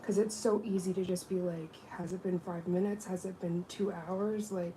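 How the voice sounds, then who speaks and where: A woman's voice: on the low side, moderate pace, slight background noise, poor audio. A woman doing nails and chatting casually on a livestream while she works. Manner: chatty, with lively quoted voices. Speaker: nail technician.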